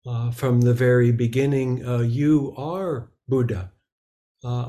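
A man giving a Zen dharma talk, slow and halting, with many filler sounds between phrases. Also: medium pitch, fairly even intonation, warm tone. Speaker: Zen teacher.

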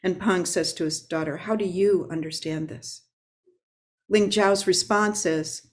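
A woman Zen teacher giving a dharma talk, unhurried and reflective, pausing often on filler sounds. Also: deep voice, steady tone, a little mellow.

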